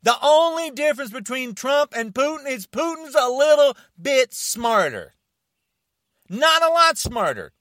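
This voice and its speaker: High-pitched man shouting an angry rant. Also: big pitch swings, measured pace, dry recording, clean studio sound. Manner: shouting, confrontational, challenging listeners.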